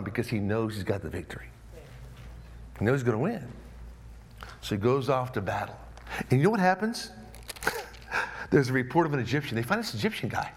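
A man's voice: mid-range voice, fairly quick, pauses often. A man preaching a sermon, acting out the story's voices, with frequent restarts and repeated words. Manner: animated, acts out voices of the story. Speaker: pastor.

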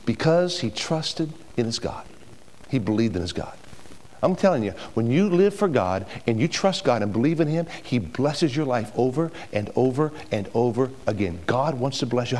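Preaching before a congregation in church, a pastor with a medium-pitched, darkish voice speaks emphatically and throws rhetorical questions out to the room.

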